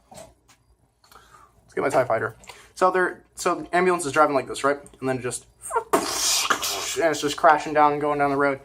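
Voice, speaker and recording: A man's voice: a little high, a bit bright, a little hiss or hum. A man giving a casual movie review, rambling, with lots of fillers and self-corrections. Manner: informal and offhand.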